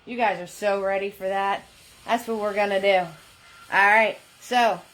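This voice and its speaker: A woman's voice: medium pitch, steady tone, moderate pace, a bit bright. A woman hosting a live-streamed painting class, chatty and upbeat as she greets viewers by name, talking into a phone in a holder. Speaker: paint party host.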